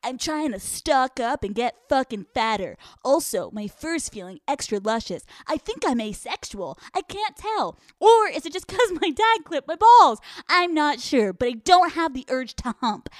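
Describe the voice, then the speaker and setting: A woman's voice: high voice, big pitch swings, moderate pace, few pauses, no echo, clean studio sound, pitched above the performer's own voice. A woman voicing a dopey, cheerful male pet dog who writes his own social media captions, in a silly sing-song way. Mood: goofy chirpy.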